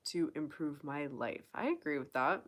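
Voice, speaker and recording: A woman's voice: sits low, normal speed, fairly bright tone. A young woman hosting a casual live Q&A stream, chatting and reading viewer comments aloud. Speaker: livestream host.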